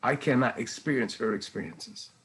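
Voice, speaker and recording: A man in his sixties, a painter, telling rambling, animated stories in casual conversation with many restarts. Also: medium pitch, moderate pace, slight background noise. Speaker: painter and guest.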